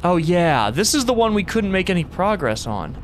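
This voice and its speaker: A man streaming a horror game, thinking aloud to himself and reacting in a jumpy, excitable way. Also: high voice, normal speed, slight background noise. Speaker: gaming streamer. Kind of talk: let's play commentary.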